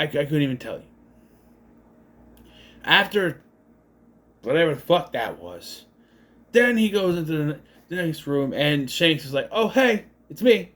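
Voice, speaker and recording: Man, fairly high voice, animated, sarcastic, swears, casual movie rant. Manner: exasperated, sarcastic, swears often. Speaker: movie reviewer.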